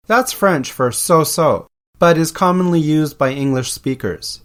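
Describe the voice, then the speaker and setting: A man's voice: a little high, unhurried, fairly bright tone. Playful man hosting a podcast. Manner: playful, explanatory. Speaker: podcast host. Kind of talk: scripted podcast narration.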